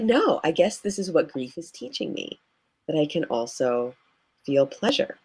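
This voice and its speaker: A woman's voice: sits low, animated, moderate pace, breathy edge. A woman who works as a grief guide, speaking earnestly and reflectively in a live video interview, with frequent "you know" fillers.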